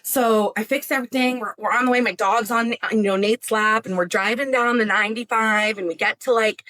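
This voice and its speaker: Animated woman telling a story. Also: on the high side, a little fast. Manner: animated, laughing, acts out voices. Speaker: psychic medium, podcast guest. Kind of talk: casual storytelling.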